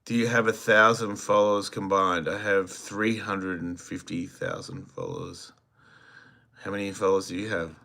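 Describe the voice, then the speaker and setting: With a low, gravelly voice that sounds pushed and bright, a man in his fifties with an Australian accent reads viewer comments aloud on his livestream. He's animated, speaking at a moderate pace and making crude jokes.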